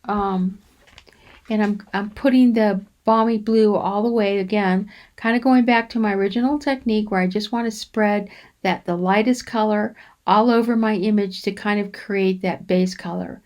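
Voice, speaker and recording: A woman hosting a crafting channel, talking through a coloring demonstration in an unhurried, rambling way with frequent ums and restarts. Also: medium pitch, steady tone, darkish tone. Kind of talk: relaxed coloring demonstration voice-over.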